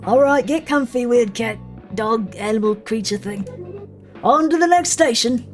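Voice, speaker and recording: A woman's voice: on the high side, unhurried, soft background music, close to an everyday voice. A woman reading a wisecracking train conductor. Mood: wry. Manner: dry, wisecracking, no-nonsense.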